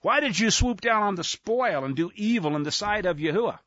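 A sarcastic, scolding old prophet, voiced by a man teaching, swinging his voice up and down as he rebukes a king. The tone stays bright and sharp, and the sound is dry and lo-fi. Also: high voice, animated, fairly quick, no echo. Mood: stern.

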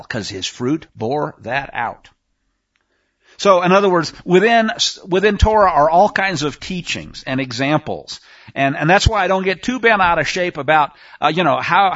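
A man teaches scripture to a room in a high, lively voice. He asks rhetorical questions and often restarts his sentences. His bright tone comes through a dull, lo-fi recording. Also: gravelly. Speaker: Bible teacher.

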